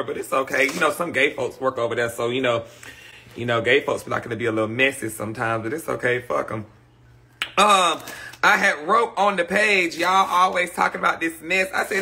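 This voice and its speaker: A brash man with a drawl holds court on his live stream, his voice cutting and sharp with a gravelly rasp at the bottom. He rants and gossips at viewers in a loose, profane, fed-up stream of talk. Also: fairly high pitch, fairly quick. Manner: frustrated, ranting. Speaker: livestream host. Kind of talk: casual livestream chat. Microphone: phone or webcam on a live stream.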